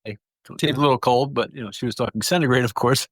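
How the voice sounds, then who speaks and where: A man's voice: medium pitch, fast, a bit bright, dry recording. A man telling stories in an interview, rambling through anecdotes with small restarts. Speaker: guest clownfish breeder. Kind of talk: relaxed storytelling.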